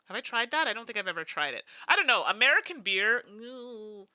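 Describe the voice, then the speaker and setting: A woman's voice: fairly high pitch, sing-song, brisk, bright, forceful tone, no room sound, studio quality. A woman from Canada hosting a casual solo board game playthrough, thinking aloud and chatting with viewers. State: tired. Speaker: host.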